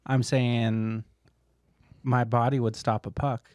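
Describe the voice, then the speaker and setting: A man's voice: mid-range voice, level tone, takes it slowly, darkish tone, no echo. A man guesting on a comedy podcast, answering crude jokes with hesitant, earnest asides. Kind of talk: casual comedic banter.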